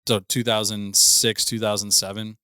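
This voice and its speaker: A man in his thirties, co-hosting a podcast, rambles and laughs through a long embarrassing tale with many restarts. His voice is fairly low, level, bright and forceful at a moderate pace. It's a dry, studio-quality recording.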